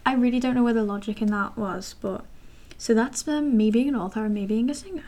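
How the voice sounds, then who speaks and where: A woman's voice: fairly high pitch, a little fast, a little mellow. A nineteen-year-old woman rambling casually to camera as a vlogger, chatty and self-deprecating with many fillers and asides.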